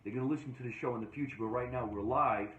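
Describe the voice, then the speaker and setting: A man from New Jersey hosting a casual podcast chat, energetic and joking with emphatic delivery. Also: medium pitch, rapid-fire. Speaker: podcast host. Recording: echoey room, dull lo-fi sound.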